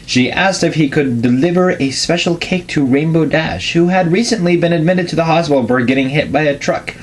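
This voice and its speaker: A man giving a deadpan, casual reading of a crude comedic fan story, with offhand asides. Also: fairly high pitch, brisk, a little hiss or hum.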